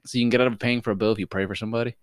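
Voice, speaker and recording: A man's voice: mid-range voice, very fast, dry recording. A young man co-hosting a casual podcast, joking around and breaking into silly put-on voices. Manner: jokey, animated, bursts into loud laughing put-on voices. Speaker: podcast co-host. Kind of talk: casual chat.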